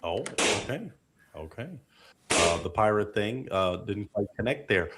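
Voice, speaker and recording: A man's voice: on the low side, lively intonation, unhurried, fairly bright tone, husky. A man hosting a live online dating show, playful and full of hype-man praise for the guests. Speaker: host.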